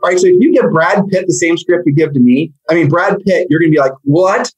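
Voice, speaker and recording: Husky, animated man telling stories. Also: on the high side, quick pace, highs cut off. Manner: animated, rambling, jokey storyteller. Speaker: real estate coach, guest. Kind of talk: casual podcast chat.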